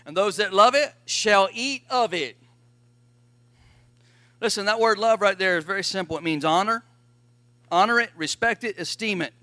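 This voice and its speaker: A man's voice: high-pitched, sharp tone, no echo. A man pastor preaching a sermon, emphatic and calling out to his congregation for responses.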